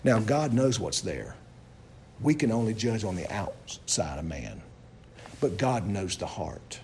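A man preaching a sermon, asking his listeners loud questions and dropping to low, hushed lines. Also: big pitch swings, measured pace, slight background noise.

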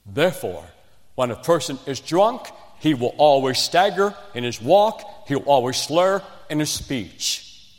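A man's voice: on the high side, expressive, measured pace. A man preaching a sermon, telling a story with humor and quoting scripture with rising emphasis. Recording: long reverb of a large hall.

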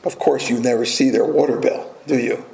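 A man's voice: medium pitch, fairly even intonation, brisk, creaky, darkish tone, reverberant, low-quality recording. A man preaching a sermon as a pastor, earnest and repeating key phrases for emphasis.

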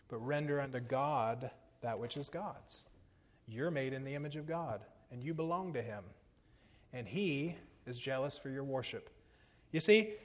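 A middle-aged man preaching a sermon, earnest, moving between urgent, louder lines and low, hushed ones, with a touch of self-deprecating humor.

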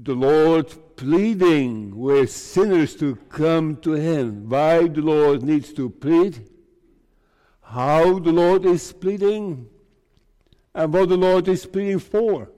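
A man preaching a sermon to his congregation, speaking slowly in short, measured phrases. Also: on the high side, mellow. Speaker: pastor. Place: church. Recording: reverberant church hall.

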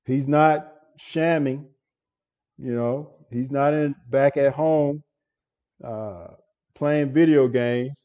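Pastor, male, slow deliberate earnest sermon delivery, dull lo-fi recording. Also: medium pitch. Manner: earnest, repeats words and restarts often. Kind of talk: expository sermon.

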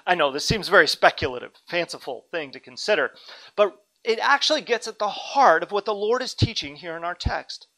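Bright-voiced man preaching a sermon. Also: sits high, expressive, brisk, gravelly, poor audio. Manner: earnest, dynamic preaching with asides. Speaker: pastor.

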